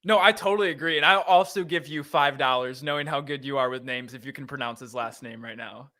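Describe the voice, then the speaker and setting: Bright-voiced chatty male guest. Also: medium pitch, fast talker. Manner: chatty, teasing, laughs often. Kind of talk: casual sports talk.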